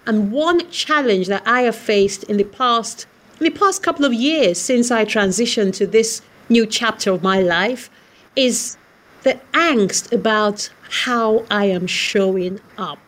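Female guest sharing a personal story, measured and reflective, voice pitched fairly high. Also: fairly bright tone. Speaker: podcast guest, CEO.

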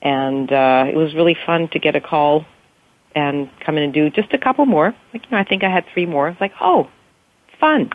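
A woman with a deep voice, an actress guest on a relaxed interview, speaks fairly fast about her work. Her excitement spills out as she keeps restarting sentences, all heard through a thin, tinny phone connection.

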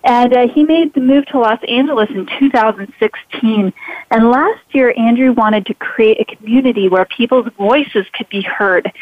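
A woman's voice: fairly high pitch, no room sound. A woman hosting an interview show, speaking in an earnest, inspirational way. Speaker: show host. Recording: dull lo-fi, dry sound.

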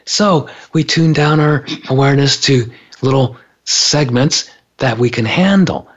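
A man with a slightly husky voice talks casually about awareness and sensitivity, and his pitch swings widely as he acts out the inner voices of the people he describes. The recording is dull and lo-fi. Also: expressive, measured pace. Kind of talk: casual spiritual talk. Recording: dull lo-fi sound.

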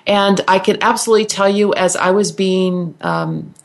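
A middle-aged woman, a guest healer, telling her personal story on a radio interview in an earnest, halting way, with restarts and repeated words. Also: medium pitch, huge pitch swings.

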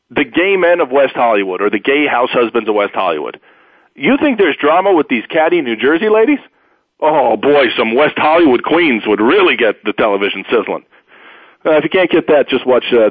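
A man hosting a sports talk radio show, rambling through stories and blunt opinions in an animated, storytelling way. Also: mid-range voice, dry recording. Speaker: radio host. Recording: tinny phone-like radio audio, dry.

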